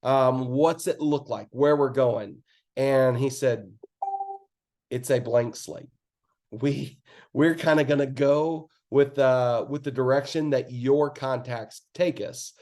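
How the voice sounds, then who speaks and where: A man's voice: mid-range voice, fairly even intonation, slow, darkish tone. A man telling his team a candid, earnest story of starting his business, with plenty of fillers and acted-out quotes, over a call. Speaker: network marketing speaker.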